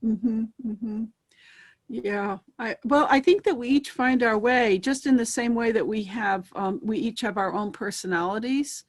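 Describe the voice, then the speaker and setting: A woman who is a spiritualist medium, speaking as an interview guest in a thoughtful, hesitant way with many pauses and ums. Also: on the high side. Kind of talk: casual interview chat.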